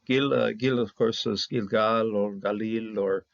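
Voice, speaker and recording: A man teaching biblical Hebrew grammar in a halting way, with frequent fillers and restarts. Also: on the low side, steady tone, vocal fry, no echo. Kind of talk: Bible language lesson. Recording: dull dry lo-fi recording.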